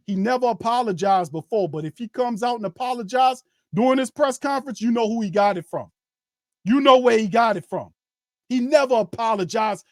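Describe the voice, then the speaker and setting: A high-pitched man hosts a sports show in clean studio sound with no room sound. He launches into an angry, heated, profane rant, speaking directly to his viewers and chat.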